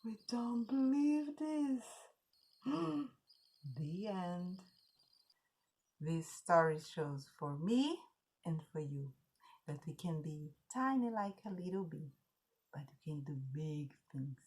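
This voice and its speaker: A woman teacher reading a children's story aloud in English as a Portuguese native, slow and expressive. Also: deep voice, husky.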